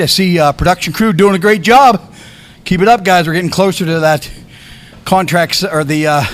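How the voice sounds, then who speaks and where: A man calling a live wrestling show as commentator, excitable and a bit out of breath. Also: fairly high pitch, a little hiss or hum. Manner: excitable, calls the action.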